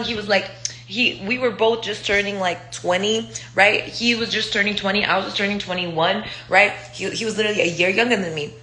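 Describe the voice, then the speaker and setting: A woman's voice: medium pitch, fairly even intonation, fairly quick, sharp tone. A woman in her twenties from Israel, telling personal stories in a loose, profane, rambling way with lots of fillers. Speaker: vlogger. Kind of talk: casual storytelling monologue. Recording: echoey room.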